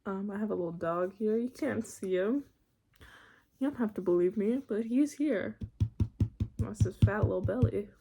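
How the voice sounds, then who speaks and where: A woman's voice: mid-range voice, normal speed, vocal fry, pauses often, warm tone, husky. A young woman in university, ranting casually in her bedroom, rambling, cutting herself off and laughing often. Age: young adult. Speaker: vlogger.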